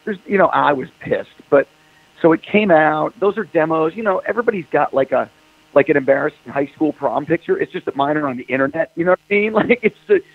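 A man's voice: on the high side, animated, fairly quick, gravelly. A man, a rock singer, telling stories in a casual interview and acting out phone calls in quoted voices. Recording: dry tinny phone line.

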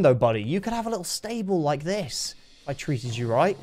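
Young man with a lively, swinging pitch, nervy and excitable, chatting through a game over faint music. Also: fairly quick. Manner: jumpy, excitable, talks to his horse, sudden yelps of fright. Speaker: gaming YouTuber. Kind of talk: live gameplay commentary.

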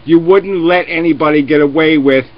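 A man's voice: a little high, normal speed. A profane ranting man on a lo-fi stream. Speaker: host of a live video chat. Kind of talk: heated live debate. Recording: lo-fi webcam stream audio.

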